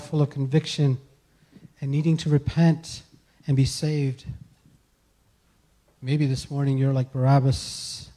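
A male pastor delivering a sermon, earnestly pleading with his listeners and letting his lines fall soft at the close. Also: medium pitch. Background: soft guitar music.

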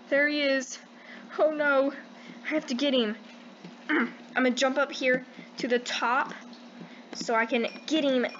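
Young woman, high unhurried voice, excitable gaming commentary, slightly dull home recording. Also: slight background noise. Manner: excitable, squealing when panicked, many "like" fillers. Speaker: gaming channel host. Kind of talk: casual gameplay commentary.

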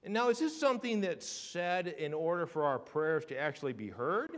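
Animated and fairly high-pitched, this preacher speaks at normal speed in a church sanctuary. His sermon shifts from quiet to booming and keeps returning to repetition and rhetorical questions.

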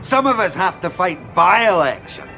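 A pompous middle-aged politician in a TV sitcom. He talks down to old friends in a bright, animated voice that sits a touch high, with faint music behind him. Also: measured pace, gravelly, heavily acted. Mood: indignant. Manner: pompous, condescending. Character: pompous socialist politician who lost his roots. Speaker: politician character. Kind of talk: TV sitcom acting.

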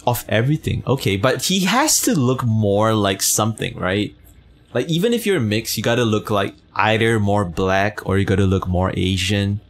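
A man's voice: fairly low pitch, animated, normal speed. A man streaming a game, chatting casually with his chat, teasing, full of fillers and swearing. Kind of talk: casual gameplay commentary, reading chat.

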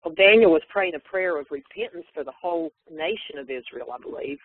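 A man's voice: a little high, a little fast, narrow, tinny audio. A man in a Bible study class giving short, tentative answers to the teacher's questions. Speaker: class participant.

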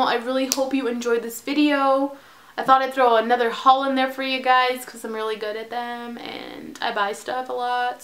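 Upbeat woman vlogger, a touch high in pitch, talking excitedly about her purchases at home. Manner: bubbly, gushing, slips into whispers. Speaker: haul vlogger. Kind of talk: casual haul vlog. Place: her own bedroom.

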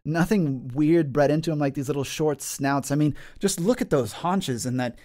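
A man voicing a cloaked forest warden who haggles smoothly and lectures pedantically about his dog. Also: on the high side, moderate pace, a little mellow, lightly acted. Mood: smug haggling. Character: cloaked male forest warden with a mastiff, smug.

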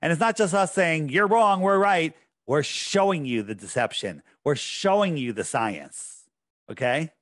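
A man talking on a podcast in a slightly high voice, pressing his points hard and circling back to them again and again. The sound is dry and close, with no room around it. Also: sing-song, measured pace, no echo. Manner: insistent, emphatic, repeats himself. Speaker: podcast guest. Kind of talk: casual podcast chat.

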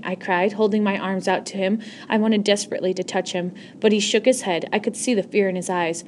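Brief: woman, middle pitch, earnest novel reading, frequent slips and restarts. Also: steady tone, moderate pace, a little mellow, slight background noise. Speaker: audiobook reader.

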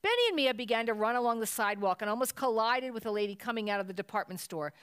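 A woman reading a children's Christmas story aloud at a church service, telling it with lively expression. Her voice sits fairly high and sounds smooth and clear. The recording is close and dry. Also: quick pace, dry recording.

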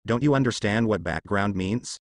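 A man's voice: fairly low pitch, moderate pace, no echo, clean studio sound, natural voice. A man reading a cocky young pirate captain. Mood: mocking. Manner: mocking, carefree.

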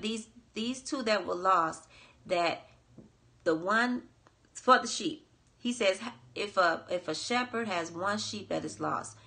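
Earnest woman with a gravelly voice. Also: on the low side, pushed and bright. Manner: earnest, repeats phrases for emphasis. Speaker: coach and podcast host. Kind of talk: devotional Bible teaching.

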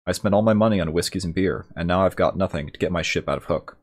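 Man reading a jovial giant brawler, deep voice, no accent. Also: fast talker. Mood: cheery. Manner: read plainly without the accent. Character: huge red-bearded brawler, jovial and boozy. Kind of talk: reading game dialogue aloud.

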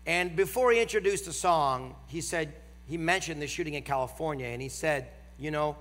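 Man, nasal, Northern American accent, high bright voice, sermon, long hall reverb. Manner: emphatic, slows down for key phrases. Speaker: guest preacher. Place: large church auditorium.

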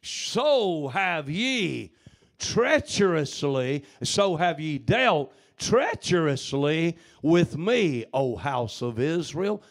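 A man's voice: a little high, sing-song, extremely slow. A man preaching a sermon, dropping to near whispers and rising again for emphasis. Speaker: pastor. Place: church sanctuary.

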